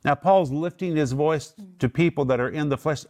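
A man's voice: a little high, moderate pace, few pauses, a little mellow. A man teaching the Bible to a small group, emphatic, lifting his voice to stress his points.

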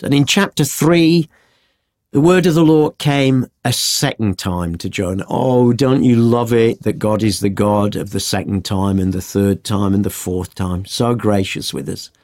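A man teaching a Bible story in a conversational podcast, acting out the quotes as he tells it. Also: fairly low pitch. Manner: animated storytelling with acted-out quotes.

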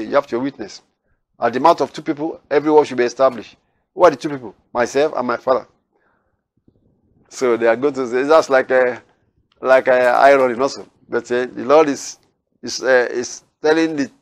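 A man teaching the Bible verse by verse, reading scripture aloud and then explaining it in loose, halting asides. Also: mid-range voice, no room sound.

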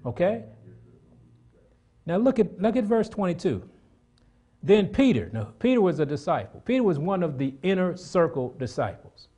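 A man preaching a sermon, swinging from loud emphatic bursts to low hushed asides and firing rhetorical questions at the congregation. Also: sing-song, normal speed, pauses often, breathy edge.

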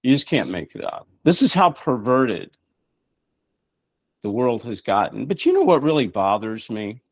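A man's voice: medium pitch, huge pitch swings, normal speed, no room sound. A middle-aged man hosting a show, preaching emphatically with rhetorical questions. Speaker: show host. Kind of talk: preaching talk-show monologue.

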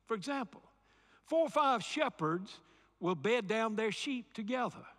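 A man's voice: very high-pitched, lively intonation, a little slow, a bit bright. Southern man preaching in a reverberant hall. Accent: Southern American. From Alabama, USA. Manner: emphatic preaching, repeats key phrases, calls for audience response. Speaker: pastor. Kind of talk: sermon.

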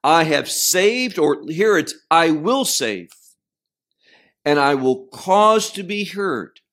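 A man's voice: a little high, very animated, fairly bright tone. A man teaching verse by verse through scripture, stressing key words and putting questions to his listeners. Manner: slow, emphatic, questions to listeners. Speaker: Bible teacher.

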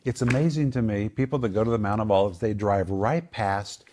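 Middle-aged guy hosting, lowish voice, gets really animated telling stories. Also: fairly quick, a little hiss or hum. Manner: animated storyteller, voice rising with excitement. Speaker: host. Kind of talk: casual chat.

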